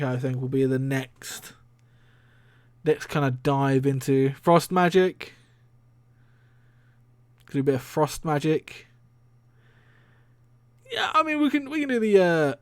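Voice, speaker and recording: A man's voice: a little high, a little mellow, dry recording. A man hosting a casual solo stream, rambling and chatty, laughing often and swearing casually. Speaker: streamer and podcast host.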